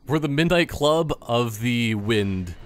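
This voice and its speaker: A man's voice: medium pitch, expressive, takes it slowly, slight background noise. A man giving casual let's-play commentary, rambling and joking through tangents. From Canada. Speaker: gameplay commentator.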